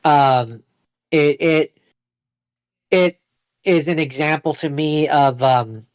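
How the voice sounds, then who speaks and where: Man, podcast co-host, slightly high pitch, hesitant, many fillers, dull lo-fi audio. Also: slow, clear, resonant tone. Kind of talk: casual chat.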